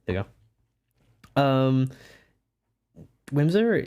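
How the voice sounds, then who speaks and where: A nineteen-year-old streamer chats through a live stream while drawing, giggling often and poking fun at themself. The pitch rises and falls a great deal, keeping the talk lively and animated. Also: normal speed. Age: about 19. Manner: giggly, self-mocking, chatty.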